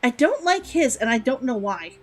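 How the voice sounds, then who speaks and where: Chatty streamer woman, lively high voice. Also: moderate pace, faint music behind, poor audio. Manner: chatty and rambling, laughs often, repeats words. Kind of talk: casual gameplay commentary.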